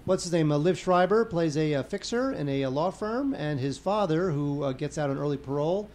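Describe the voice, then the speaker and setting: A man co-hosting a podcast, chatting casually and haltingly about TV shows, with plenty of fillers. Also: fairly high pitch, animated, darkish tone. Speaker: podcast co-host. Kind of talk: casual chat reviewing home video releases.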